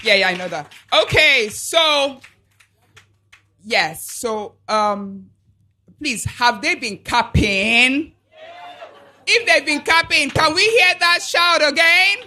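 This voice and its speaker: High bright-voiced Nigerian woman hosting an event. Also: lively intonation, slow pace, long pauses. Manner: playful, teasing, hypes the crowd. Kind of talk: lively event hosting with crowd calls.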